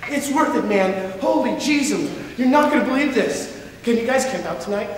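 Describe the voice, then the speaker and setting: A young man voicing an excited twelve-year-old boy who is out of breath and stammers with urgency, performed live in an echoey hall. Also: very high-pitched, normal speed, distant mic, a little hiss or hum, voice pushed up.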